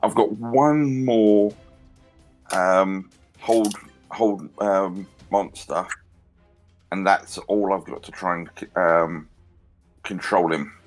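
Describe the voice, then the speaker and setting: Lowish-voiced man, rambling game talk, playful mimicry, faint background music. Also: slow pace, long pauses. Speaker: dungeon master. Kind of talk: casual chat at a tabletop game.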